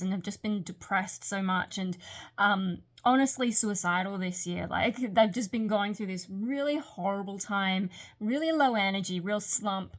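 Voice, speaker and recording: A woman's voice: mid-range voice, a bit bright. A woman rambling candidly in a late-night vlog monologue, her speech a little hampered by a retainer. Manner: rambling, candid, self-reflective. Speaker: vlogger.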